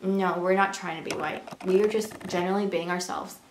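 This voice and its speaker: A woman's voice: lowish voice, a little fast, slight background noise. Earnest young woman vlogging in echoey room. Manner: earnest, animated, rhetorical questions. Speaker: beauty and lifestyle vlogger. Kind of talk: casual talk to camera.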